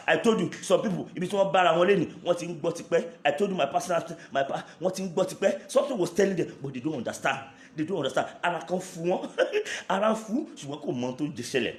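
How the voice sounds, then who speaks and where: A pastor leading fervent prayer, his voice pitched a little high. He breaks into tongues between repeated prayer lines. It all rings out in a reverberant room. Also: animated, quick pace, slight background noise. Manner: speaks in tongues between shouted prayer lines, switches to Yoruba.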